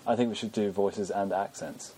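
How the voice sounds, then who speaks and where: A man's voice: on the low side, fairly even intonation, normal speed, warm tone, husky. A man hosting a podcast, chatting casually in a rambling, self-deprecating way with many fillers. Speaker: podcast host. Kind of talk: casual chat.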